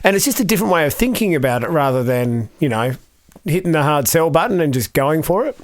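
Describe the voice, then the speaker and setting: A man's voice: fairly high pitch, expressive, fast, no room sound. A man, co-hosting a podcast and talking about directing in an emphatic way, repeating words as he thinks. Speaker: co-host and voice director. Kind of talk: casual podcast chat.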